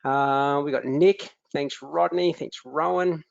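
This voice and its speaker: A man's voice: fairly high pitch, fairly even intonation, a little slow, vocal fry, hardly any pauses, no echo. An Australian man hosting a live webinar as a business coach, upbeat, greeting attendees by name with frequent ums. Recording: dry, dull lo-fi webinar audio.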